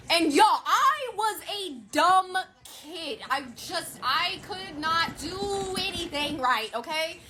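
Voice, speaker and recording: A woman telling a personal story in a casual storytime monologue, animated, blunt and profane. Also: very high voice, takes it slowly, hardly any pauses.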